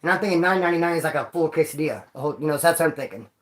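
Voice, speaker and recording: A man's voice: fairly high pitch, very fast. A man casually telling jail stories on his vlog, rambling and joking in street slang. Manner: rambling, slangy and joking, calls viewers homeboy and dog. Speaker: vlogger telling prison stories.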